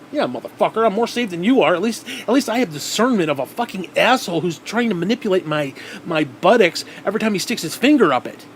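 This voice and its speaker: A man's voice: sits high, expressive, brisk, slight background noise. A man ranting angrily to his viewers, swearing constantly and restarting his sentences as he goes. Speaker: vlogger. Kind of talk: angry profane rant to camera.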